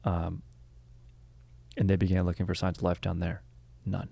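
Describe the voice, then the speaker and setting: The host of this laid-back history podcast is a young man with a deep, dark voice, a completely flat delivery, and vocal fry, talking at normal speed. He wanders through the story, cracks jokes, and keeps breaking off to correct himself. The audio carries no room sound.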